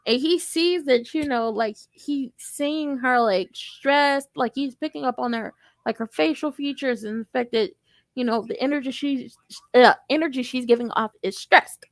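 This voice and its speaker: A sassy young woman casually recapping a TV drama episode, joking and telling the story in an animated way. Her voice is high-pitched. The sound is dry and close. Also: normal speed, no echo. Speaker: tv recap vlogger.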